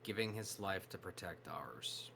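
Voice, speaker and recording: A man playing a grave, gravelly robot warrior. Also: low voice, lively intonation, pushed and bright, slight background noise, exaggerated voice. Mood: solemn. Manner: grave, measured, earnest.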